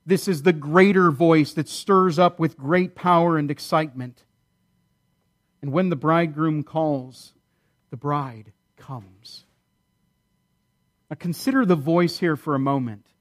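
A man preaching a sermon in an earnest, emphatic way, repeating key phrases and slowing down to stress key lines. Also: a little high. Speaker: pastor.

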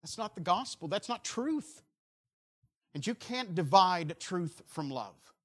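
Preaching man with a higher voice. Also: big pitch swings. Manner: earnest preaching, swings between loud emphasis and quiet, slow stresses. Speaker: pastor. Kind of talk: sermon.

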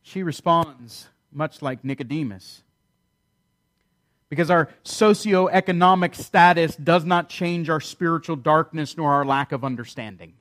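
A man delivering a sermon. His voice sits on the higher side, and he swings lively into mocking voices when he paraphrases the people in the story. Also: measured pace. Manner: animated, acts out quoted voices with sarcasm. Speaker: pastor.

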